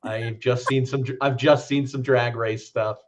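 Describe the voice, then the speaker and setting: A man's voice: medium pitch, steady tone, a little slow, noisy background. A man co-hosting a podcast, chatting casually about a film in a loose, rambling way and swearing freely. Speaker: podcast co-host.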